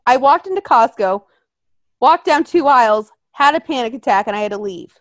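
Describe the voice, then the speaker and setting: A woman's voice: on the high side, normal speed, no room sound. Young woman ranting in casual chat, swears a lot, bouncy voice up and down, dry sound. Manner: animated, swearing, acts out quotes in voices.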